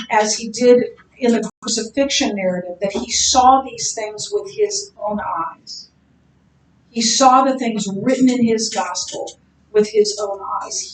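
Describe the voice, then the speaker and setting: A woman's voice: medium pitch, far from the mic. A woman teaching a Bible class in a conversational way, with many fillers and restarts. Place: classroom or church room. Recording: roomy, from off-mic, faint background hum.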